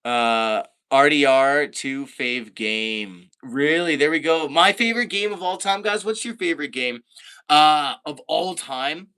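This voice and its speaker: A man from Canada chatting casually on a live stream, reading out viewer comments, laid-back and quick to laugh. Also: on the high side, pushed and bright, clean tone.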